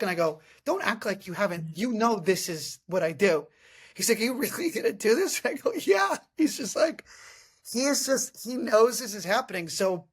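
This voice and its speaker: A man in his thirties hosting a podcast, telling comic stories in a casual, animated way and often laughing. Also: high voice. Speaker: podcast host. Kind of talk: casual comedic storytelling.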